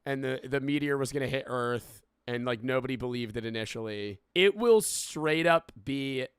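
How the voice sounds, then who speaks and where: A man's voice: medium pitch, moderate pace, smooth, dry recording, clean studio sound. A man in his twenties reacting to a video, rambling and swearing with laughing asides. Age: 20s. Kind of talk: casual reaction commentary.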